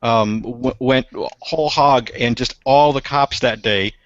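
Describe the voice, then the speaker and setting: A man's voice: mid-range voice, unhurried, dry recording. Stammering man telling jokes in chat. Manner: stammering restarts, tells jokes. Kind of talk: casual group video chat. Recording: dull lo-fi online call audio.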